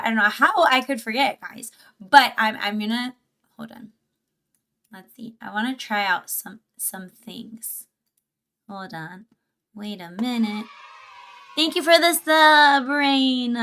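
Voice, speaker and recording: A woman with a bright, slightly high voice hosts a casual livestream from her home setup. She chats and giggles, thanks viewers by name and reads chat aloud between reactions. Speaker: livestream host.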